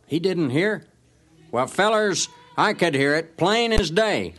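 A man with a twang tells a storybook tale as a self-important male ranch dog. His folksy delivery swings lively up and down, sitting a touch high for a man, with faint music in the background. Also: slow pace. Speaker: narrator. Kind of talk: storybook narration in character as a dog.

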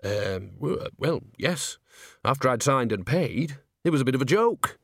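A man's voice: mid-range voice, very animated, unhurried, vocal fry, dry recording, studio quality, exaggerated voice. Man doing a flustered, blustering businessman. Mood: sheepish. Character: fussy excitable middle-aged businessman.

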